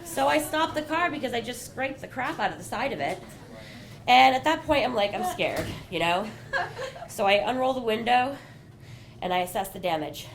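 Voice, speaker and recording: A woman's voice: on the high side, animated, moderate pace, a little hiss or hum. Chatty young woman telling a story. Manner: conversational, self-mocking, full of "you know" and "like". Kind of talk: live personal storytelling. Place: small bar venue with live audience.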